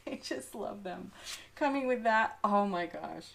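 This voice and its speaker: A woman's voice: mid-range voice, vocal fry. A woman doing a daily tarot card reading, talking through the cards with frequent giggles and enthusiastic exclamations. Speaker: tarot reader.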